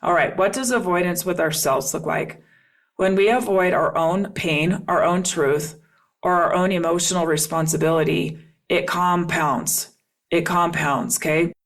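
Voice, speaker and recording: A woman's voice: fairly low pitch, steady tone, measured pace. A middle-aged woman hosting a solo podcast as a relationship coach, talking earnestly and repeating key phrases for emphasis.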